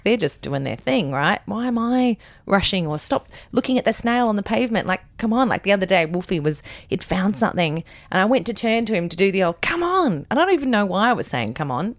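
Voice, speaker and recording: Lively-voiced Australian mum chatting. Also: female voice, mid-range voice, brisk, hardly any pauses, no room sound. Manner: chatty, laughing, acts out kids' voices in quotes. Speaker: podcast host. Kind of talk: casual chat.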